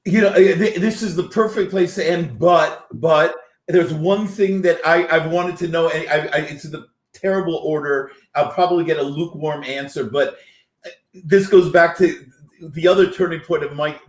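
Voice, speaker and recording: A man's voice: a little high, normal speed. A man hosting a casual interview, asking long, stumbling, rambling questions with frequent restarts. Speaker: host. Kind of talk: casual video-call interview. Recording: roomy echo.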